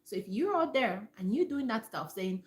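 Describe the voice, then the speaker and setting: A woman's voice: a little high, big pitch swings, normal speed. A woman hosting a casual live-stream health talk from home, speaking emphatically and repeating her points as she addresses viewers directly. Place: home room. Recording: echoey room.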